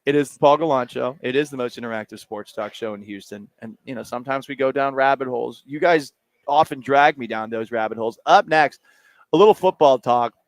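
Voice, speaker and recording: A man's voice: medium pitch, brisk, no echo. A man hosting a sports talk show from a bar, chatting casually and jokily while reading out listener messages. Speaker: sports talk radio host.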